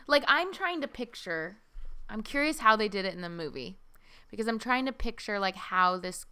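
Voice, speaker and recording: A woman's voice: medium pitch, sharp tone, clear, resonant tone. A woman co-hosting a casual book podcast, chatty and giggly with lots of fillers. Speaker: podcast co-host. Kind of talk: casual book discussion chat.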